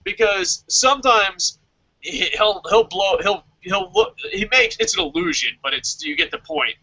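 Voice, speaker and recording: A man co-hosting a wrestling podcast, talking excitedly in casual chat, swearing constantly and laughing often. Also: high-pitched, a little slow, creaky, dull audio. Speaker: podcast co-host reviewing a wrestling show. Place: lives in Japan.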